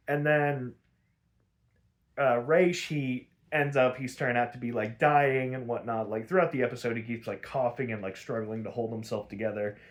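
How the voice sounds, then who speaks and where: A male podcast host casually recaps a cartoon episode in a loose, profane way, laughing often and leaning on filler words. His voice is medium in pitch and steady in tone, at a moderate pace.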